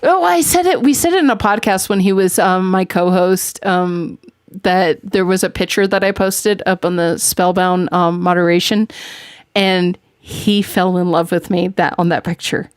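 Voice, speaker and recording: A woman's voice: fairly low pitch, moderate pace, clean tone, no room sound, studio quality. A woman hosting a podcast in casual chat, giggling often and rambling as she talks. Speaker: podcast host.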